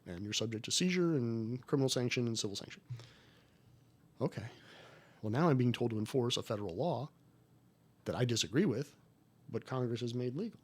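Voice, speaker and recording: A man's voice: medium pitch, a little fast, pauses often, husky. A man in his forties, a former federal agent, telling stories as a podcast guest in a folksy, emphatic way. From United States. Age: 40s. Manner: folksy and emphatic, rising to animated retellings. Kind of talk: conversational interview storytelling.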